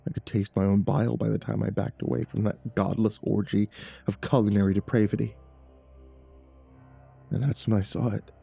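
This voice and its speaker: Male horror narrator with a warm, dark tone; reads slowly and dramatically over quiet music. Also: on the low side, flat delivery, gravelly, breathy edge. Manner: measured and dramatic, with nervous stammered repeats. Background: faint background music.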